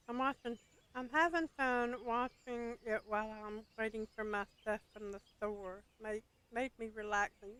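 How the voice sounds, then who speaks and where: A woman's voice: a little high, steady tone, normal speed, a bit bright, clear, resonant tone. An older woman streaming a game, chatting casually and greeting viewers as darling and sweetheart. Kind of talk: casual gameplay chat.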